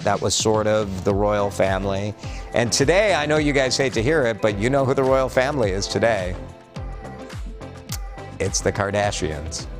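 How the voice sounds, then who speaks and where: A man hosts a relaxed morning news update in a low, chatty voice. His pitch swings widely as he jokes and reads out viewer comments. Music plays clearly under his voice. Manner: chatty, upbeat, joking asides.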